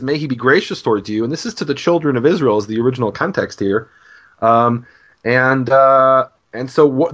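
A man's voice: medium pitch, fairly bright tone. A man explaining scripture in an earnest conversational way, often restarting his sentences. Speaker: Bible scholar co-host. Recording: dull lo-fi podcast audio.

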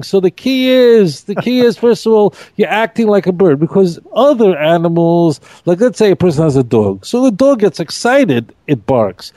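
A middle-aged man, a rabbi, teaching scripture in an emphatic, animated way, repeating key phrases on a podcast. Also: high-pitched, moderate pace, hardly any pauses, no echo. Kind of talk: podcast Bible discussion.

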